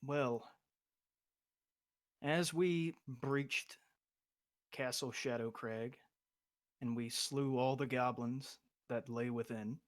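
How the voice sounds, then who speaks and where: A man playing in a tabletop game, answering in character in a deadpan way. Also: medium pitch, takes it slowly, pauses often. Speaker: player. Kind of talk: in-character tabletop role-play.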